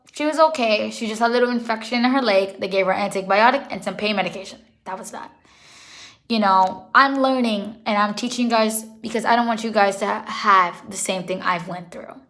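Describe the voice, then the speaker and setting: In a casual vlog, a young woman who makes pet videos speaks in a fairly bright, high-leaning voice at a moderate pace. She's earnest and rambling, correcting herself as she goes, and sounds emotional, as if holding back tears.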